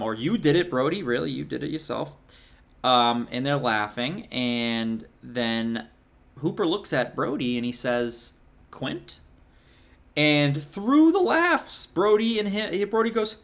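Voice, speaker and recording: A man's voice: a little high, fairly bright tone. A man in his thirties giving a casual, rambling movie review rant, swearing a lot and restarting his sentences often. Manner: heated, profane, rambling with many restarts.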